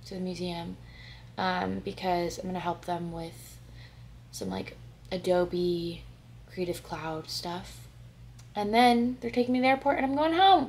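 A young woman chatting casually to camera in a vlog, with a chatty way of talking and soft, quiet asides. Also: mid-range voice. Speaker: vlogger.

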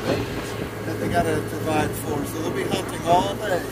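A man's voice: on the high side, steady tone, moderate pace. A man guiding tourists on an amphibious car, talking in a friendly, explanatory way outdoors. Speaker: amphibious car tour guide. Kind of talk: casual tour guide chat. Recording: loud engine and water noise.

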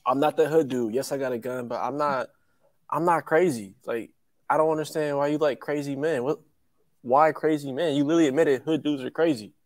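A man's voice: on the high side, steady tone, a little fast, no room sound. A man calling into a live chat, talking frankly and emphatically. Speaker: caller.

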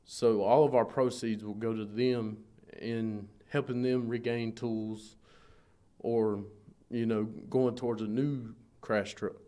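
A man with a drawl talks through a local TV interview in an easygoing, unhurried way. His voice sits at an ordinary middle pitch, and his answers are short and plain, with fillers. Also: flat delivery, warm tone. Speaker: pro wrestler promoting a show.

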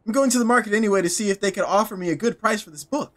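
A man putting on a timid young villager, high and excitable. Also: racing, natural voice. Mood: grateful.

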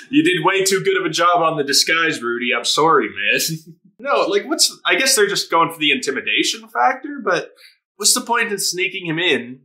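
This man's voice is a little high. Reacting loosely to an anime episode, he gets excited, laughs a lot, curses constantly, and tosses off quick fake voices for the characters.

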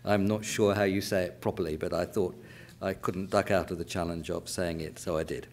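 A man in his sixties with a West London accent, chairing a panel and giving a deliberate, explanatory academic talk in a lecture theatre. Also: low voice, steady tone, slight background noise. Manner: deliberate, explanatory, with fillers and repeated key phrases.

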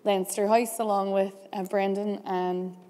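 Woman, panel moderator, relaxed with ums, even pitch, echoing hall. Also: a little slow. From Derry, Northern Ireland. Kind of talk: panel discussion. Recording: hall with long reverb.

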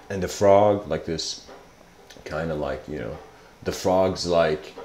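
Man, casual lecture, rambling storyteller, lowish voice, echoey room. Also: slow, pauses often, a little mellow, a little hiss or hum. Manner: rambling, with many fillers and restarts. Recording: roomy echo.

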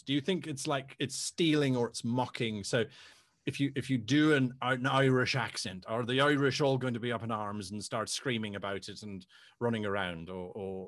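A man hosting a casual panel discussion, animated and quick with jokey asides. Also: medium pitch, no room sound, clean studio sound. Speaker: panel host.

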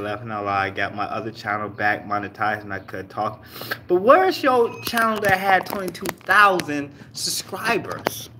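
Over background noise, a medium-pitched male livestream host keeps things loose and casual, teasing his viewers and swearing freely as he banters with chat.

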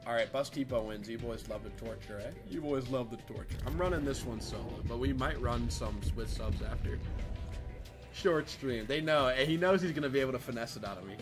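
A man's voice: medium pitch, a little fast, over music. A male livestreamer chatting casually and reading chat aloud while gaming. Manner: laid-back, chatty, reads chat aloud. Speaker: livestream gamer.

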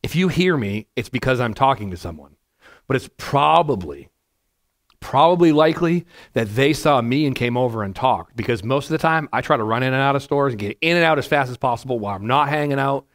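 A man, a pastor, giving a conversational verse-by-verse sermon to a congregation in a church, with a naturally loud voice and frequent "right?" asides. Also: mid-range voice, expressive, brisk. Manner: naturally loud, chatty, asks the room "right?". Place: church sanctuary before a congregation.

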